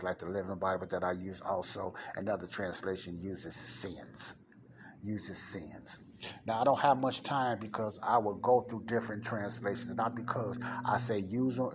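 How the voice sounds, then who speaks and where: A man with a lowish voice giving a casual Bible lesson to his listeners. He drills single words over and over and punches them out louder for stress, then drops back to an easy conversational tone with quick asides. A faint hum sits behind him. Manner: emphatic, repeats key words and hammers them louder. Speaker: Bible teacher and podcast host. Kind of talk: informal Bible teaching.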